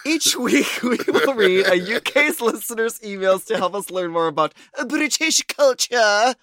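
A man's voice: high-pitched, expressive, unhurried, fairly bright tone, dry recording. A man co-hosting a podcast, leading segments in a playful, theatrical way. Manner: playful, theatrical, says honey. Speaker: podcast co-host.

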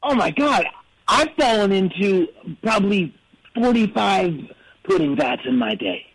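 Man impersonating a husky rambling rock star. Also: sits high, big pitch swings, measured pace, heavily acted, poor audio. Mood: earnest boasting. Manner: earnest, rambling absurd boasts. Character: raspy rambling aging male rock star. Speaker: caller. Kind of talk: comedic impression on call-in radio.

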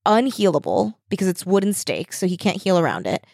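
A woman's voice: fairly low pitch, very animated, fairly quick, vocal fry, a little mellow, no echo, clean studio sound. A woman co-hosting a casual book podcast, talking hesitantly with many filler words as she searches for words. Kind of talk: casual chat.

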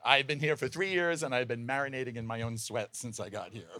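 A man's voice: medium pitch, a little fast, pushed and bright, no room sound. A man guesting on a live podcast show, telling crude stories in a laid-back way into a handheld mic. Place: live show at a poolside venue.

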